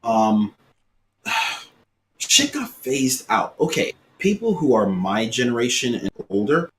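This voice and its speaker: A man in his late thirties from Brooklyn with a New York accent, chatting casually on a podcast and telling animated street stories. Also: mid-range voice, takes it slowly, a little hiss or hum. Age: late 30s. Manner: storytelling, animated, swears casually. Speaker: podcast co-host.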